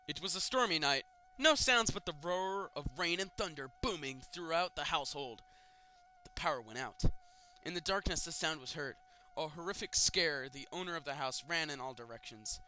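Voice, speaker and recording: A young man reading creepypastas aloud and mocking them with sarcastic comments and loud outbursts. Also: fairly high pitch, expressive, normal speed, faint music behind. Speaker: creepypasta reader. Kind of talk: comedic dramatic reading with commentary.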